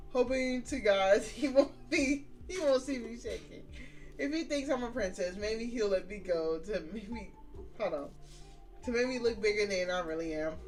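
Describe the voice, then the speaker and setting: A streamer reads a story game aloud and keeps breaking off for casual, profane, joking commentary. The voice sits at an ordinary middle pitch. Faint music plays underneath. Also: far from the mic. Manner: casual, profane, joking asides between read lines. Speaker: gaming streamer.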